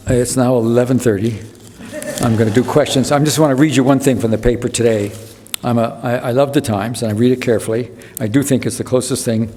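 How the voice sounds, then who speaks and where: A man's voice: mid-range voice, darkish tone. Older man talking in a reverberant hall. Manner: digressive, incredulous, chuckling, many restarts. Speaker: journalist speaking at a public evening event. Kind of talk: rambling public talk. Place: lecture hall.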